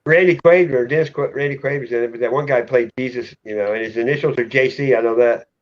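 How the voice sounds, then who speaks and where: A man's voice: medium pitch, fast talker. A man hosting a casual live chat, joking crudely and laughing often. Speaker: channel host. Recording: muffled lo-fi audio.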